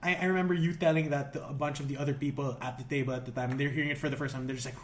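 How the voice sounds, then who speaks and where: A man co-hosting a podcast, telling stories in an animated way with halting restarts. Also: medium pitch, reverberant, slight background noise. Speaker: podcast co-host. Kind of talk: casual chat.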